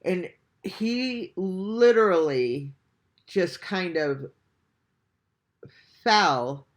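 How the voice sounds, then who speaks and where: A man hosting a reaction channel, telling a story in animated casual speech, swearing and laughing often. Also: high voice, very slow.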